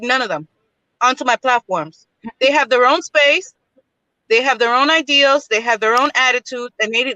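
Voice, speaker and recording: A blunt, outspoken woman calls in to a live stream while driving. Her voice sits high and sounds bright and sharp, and the phone line is dry, with no room sound. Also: no echo. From New York, Bronx. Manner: outspoken, blunt, repeats herself. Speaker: guest. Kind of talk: casual live-stream chat. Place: in a car, driving.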